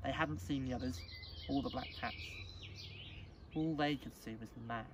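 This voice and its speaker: A male teacher reading a storybook aloud at a school assembly, expressive and dramatic. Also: medium pitch, moderate pace. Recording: distant mic, faint background noise.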